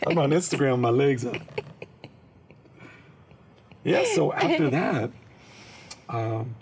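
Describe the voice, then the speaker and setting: A man's voice: mid-range voice, slow, pauses often, noisy background. A man, a comedian, telling a story as an interview guest and acting out the scenes. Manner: animated, acts out scenes and voices.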